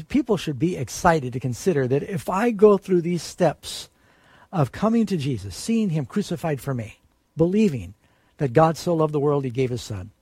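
A man's voice: on the high side, a little mellow, breathy edge, no room sound. A man preaching a sermon in an earnest way, lifting his voice to stress the quoted promises.

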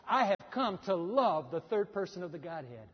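A man preaching a sermon as pastor, telling a story with animated voices for the people in it. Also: sits high, moderate pace, husky. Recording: dull sound with long hall reverb.

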